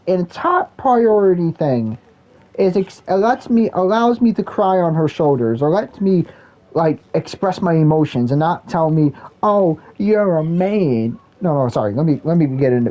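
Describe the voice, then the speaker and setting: A man's voice: on the high side, expressive, normal speed, mellow, dull audio. A man ranting casually while playing a game, rambling and restarting his sentences often. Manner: rambling, repetitive, many restarts. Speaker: gaming vlogger. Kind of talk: casual rant while gaming.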